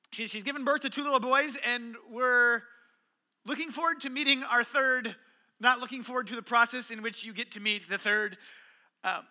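Bright, high-voiced, animated preacher man. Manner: animated storytelling, acting out dialogue with sudden shouts and hushed lines. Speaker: pastor. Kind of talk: sermon.

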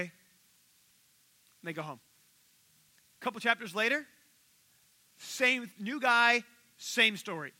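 A man preaching a sermon as pastor, telling stories with animated acted-out voices and leading an altar call. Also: high-pitched, unhurried, pauses often, poor audio. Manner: animated storytelling, acting out quoted voices.

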